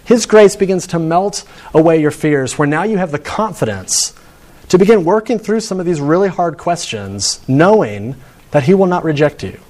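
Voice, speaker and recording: A man's voice: on the high side, lively intonation, normal speed, darkish tone. A man preaching a conversational sermon, telling stories and building to points with rising emphasis. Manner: chatty and storytelling, with frequent restarts and rising emphasis.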